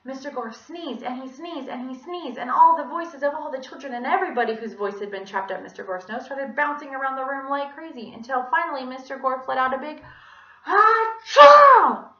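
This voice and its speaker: Bright, animated young woman storyteller. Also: high voice, a little fast, hardly any pauses. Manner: expressive, animated, dramatic sound effects. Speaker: student storyteller. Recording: echoey room, dull lo-fi sound.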